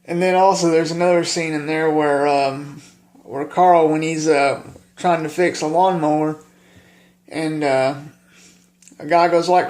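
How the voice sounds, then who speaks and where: A man vlogging casually about his favorite film, halting with lots of filler pauses and plainspoken. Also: on the high side, steady tone, a little mellow.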